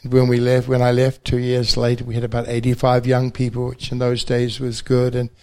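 An older man from New Zealand with a New Zealand accent, a pastor telling his faith testimony at a banquet with gentle self-deprecating humor. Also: medium pitch, completely flat delivery, a little fast, smooth.

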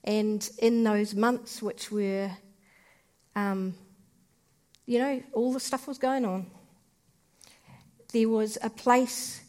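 A woman shares her faith testimony slowly and earnestly. She speaks in short, halting phrases with pauses between them. Her voice sits a little high. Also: steady tone, a little mellow.

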